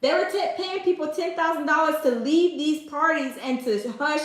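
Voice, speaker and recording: A woman's voice: sits high, moderate pace, roomy sound, low-quality recording. A woman hosting a casual commentary stream, talking straight to her viewers and repeating herself for emphasis. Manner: repetitive, emphatic, addresses viewers as y'all. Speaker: commentary host.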